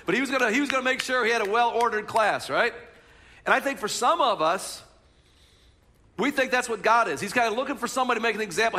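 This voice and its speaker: A man's voice: high-pitched, quick pace. A man preaching a sermon, telling stories and asking the congregation to nod along. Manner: animated storytelling, talks to the congregation. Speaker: pastor.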